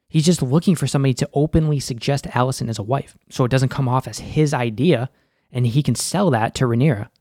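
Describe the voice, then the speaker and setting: A mid-range male voice belongs to a young recap host dissecting a TV episode. He keeps it laid-back and profane, saying "like" constantly among other fillers. No echo, studio quality.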